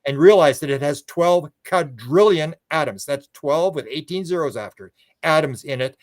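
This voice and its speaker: A man's voice: on the high side, animated, normal speed. An older man, a guest in a casual interview, telling long rambling stories and acting out quoted dialogue, with frequent restarts and fillers.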